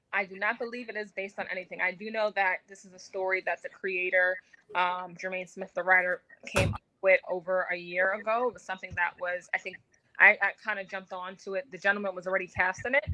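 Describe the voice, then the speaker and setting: Brief: actress guest, woman, bright voice, chatty with fillers. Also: mid-range voice, steady tone, fast talker, poor audio. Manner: talkative, many fillers. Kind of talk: casual radio interview.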